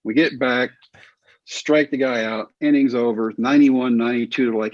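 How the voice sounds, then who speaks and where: A middle-aged man from Texas, a former baseball pitcher, telling stories in a casual interview and acting out the voices of other people. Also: moderate pace, dry recording, highs cut off. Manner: animated, acts out quoted voices.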